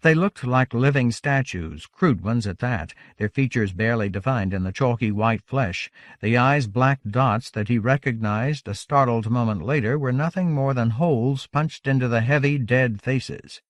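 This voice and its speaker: A man narrating a novel aloud in a measured, steady audiobook reading. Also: mid-range voice, no echo. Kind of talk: scripted narration.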